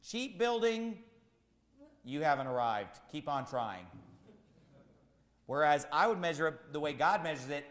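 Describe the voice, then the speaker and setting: Emphatic high-voiced man preaching in echoey hall. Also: expressive, a little slow, pauses often, a bit bright. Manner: rhetorical questions, repetitive emphatic cadence. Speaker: pastor. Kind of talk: sermon.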